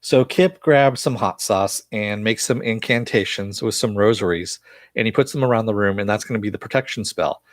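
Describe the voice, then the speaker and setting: A man's voice: lowish voice, normal speed, no echo. A man casually recapping a TV episode in a loose, chatty way, with lots of fillers and swearing. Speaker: show reviewer.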